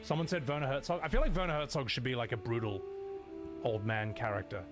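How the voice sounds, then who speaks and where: A man's voice: mid-range voice, quick pace. A man in his forties chatting casually and upbeat with viewers on a live stream. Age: 40s. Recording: stream with background music.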